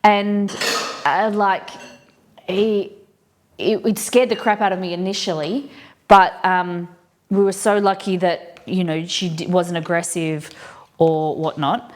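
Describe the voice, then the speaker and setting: A woman's voice: fairly low pitch, flat delivery, takes it slowly. A woman hosting a live cooking stream, chatting and rambling through stories with lots of fillers as she cooks. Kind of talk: casual chat while cooking. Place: home kitchen.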